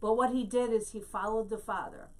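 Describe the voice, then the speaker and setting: A woman giving a Bible teaching, explaining Hebrew words slowly and telling a story to make her point. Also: on the high side, fairly even intonation, darkish tone, distant mic.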